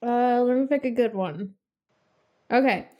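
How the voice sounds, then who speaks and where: A woman with a fairly high voice hosts a relaxed podcast conversation from a home setup. She keeps things playful and laughs easily between remarks. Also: measured pace, dull audio. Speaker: podcast host. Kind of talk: casual chat.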